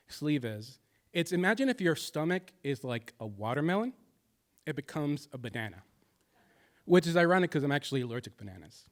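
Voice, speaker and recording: A man in his thirties telling a personal stand-up story, confessional and shifting between jokes and somber moments. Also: a little high. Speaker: stand-up comedian.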